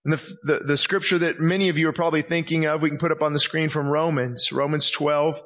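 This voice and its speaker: A man preaching a passionate sermon as pastor in a church, reading scripture slowly and acting out voices. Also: on the high side, steady tone, a bit bright.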